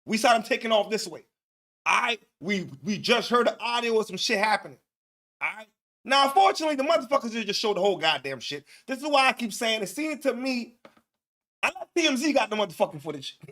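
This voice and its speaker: A man co-hosting, reacting to footage in loud, excitable, slang-filled casual commentary. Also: sits high, fairly quick. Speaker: co-host.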